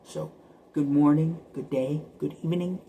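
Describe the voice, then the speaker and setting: A man's voice: on the high side, steady tone, moderate pace, mellow, slight background noise, rough recording. A man talking to camera in a rambling, casual monologue, often repeating and stuttering over words and now and then dropping to a whisper. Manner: drops to whispers at times. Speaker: vlogger.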